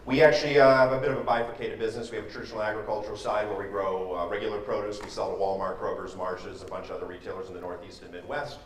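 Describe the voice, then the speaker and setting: A man, a company CEO on a panel, introducing his business quickly and with many fillers. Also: on the low side, level tone, echoey room, far from the mic, a little hiss or hum.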